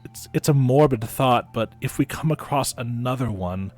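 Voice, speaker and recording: A man's voice: mid-range voice, darkish tone, faint music behind, lightly acted. A man voicing a hesitant tiefling townswoman. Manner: halting, morbid and earnest.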